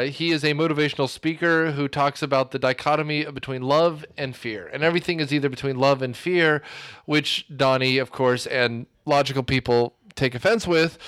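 A man in casual podcast chat, retelling a film scene in a rambling, animated way with many fillers. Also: medium pitch, clear, resonant tone. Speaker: podcast co-host discussing a film.

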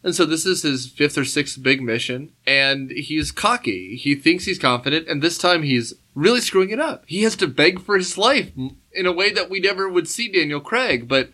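A man casually discussing a spy film on a podcast, animated and quick to swear. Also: on the high side. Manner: animated, acts out gangster lines, swears casually. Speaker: podcast co-host.

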